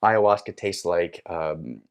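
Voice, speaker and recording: A man guest on a podcast, telling a personal story in a casual, animated way and acting out his own lines. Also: deep voice, slow pace, creaky.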